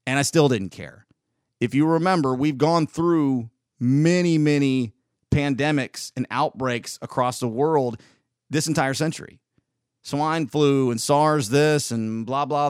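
A man's voice: mid-range voice, clean tone, no room sound, clean studio sound. A man, rambling through an opinionated casual monologue as a podcast host. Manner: rambling, opinionated, with frequent restarts.

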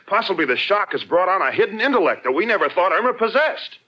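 An actor playing a calm, reasonable gentleman who soothes his friends in a 1940s radio comedy. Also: high-pitched. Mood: soothing. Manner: soothing, measured. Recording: muffled old radio recording.

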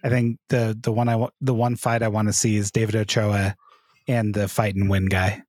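A man's voice: lowish voice, level tone, normal speed, darkish tone, no room sound, studio quality. A man hosting a podcast, moving the chat along with questions. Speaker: podcast host. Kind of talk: casual chat.

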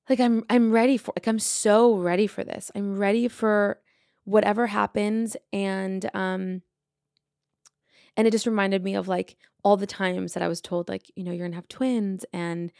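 A woman's voice: medium pitch, steady tone, unhurried, gravelly, darkish tone, clear, resonant tone, no echo, studio quality. A woman in her thirties hosting a casual personal update, chatty and rambling with many fillers. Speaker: podcast host.

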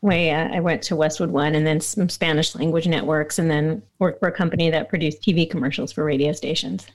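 A woman's voice: deep voice, steady tone, brisk. A woman co-hosting a music podcast, upbeat and joking in casual chat. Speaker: podcast co-host.

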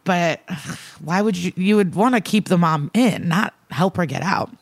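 A woman's voice: on the low side, unhurried, no room sound. A woman co-hosting a podcast, recapping a TV episode in casual chat, peppered with "like" and swearing. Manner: chatty, profane, lots of "like" and "um". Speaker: podcast co-host.

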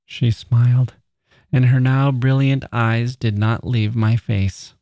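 A man narrating a literary story in a slow, deliberate, measured way. His voice is mellow and low-keyed, and the recording is dry and close with no room sound. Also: level tone, no echo. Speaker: podcast host reading a story.

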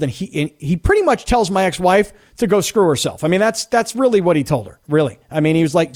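Middle-aged male radio host, high voice, indignant storyteller. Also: a little mellow. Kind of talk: sports radio talk.

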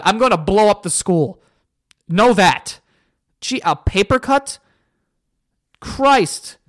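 A young man hosting a solo podcast, ranting in an exasperated, profane way. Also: a little high. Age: young adult. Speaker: podcast host.

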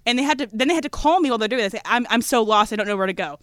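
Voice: medium pitch, lively intonation, racing, a bit bright, smooth, no echo. A radio host chatting casually and explaining things emphatically. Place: radio studio. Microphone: studio mic.

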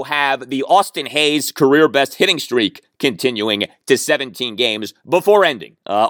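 A man hosting a sports podcast, telling a story in an animated, amused way. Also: medium pitch, dry recording, studio quality. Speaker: podcast host. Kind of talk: casual sports chat.

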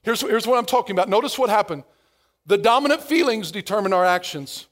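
A male pastor preaching a sermon in an animated way, acting out inner voices as he goes. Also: high voice, fairly quick.

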